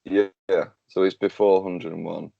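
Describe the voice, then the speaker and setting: A man's voice: low voice, level tone, normal speed, vocal fry, no echo, dull audio. A man hosting a casual podcast chat, loose, sweary and joking. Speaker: podcast host.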